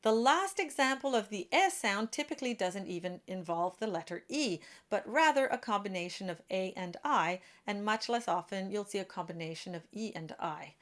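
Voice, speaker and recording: A woman voice teacher explaining French diction for singers, slowing down to model each example word. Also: medium pitch, a bit bright. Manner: clear, careful teaching, slows to model example words.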